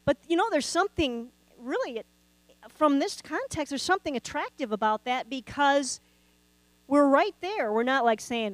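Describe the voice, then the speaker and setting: A woman's voice: high-pitched, lively intonation, moderate pace, no room sound, poor audio. A woman preaching a sermon, talking conversationally and asking the congregation rhetorical questions. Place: church sanctuary.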